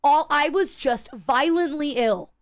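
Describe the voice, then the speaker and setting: A woman streamer chatting casually while gaming, telling stories in a profane, animated way and acting out the people in them. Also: high voice, a little slow. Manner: acts out quoted people in her stories.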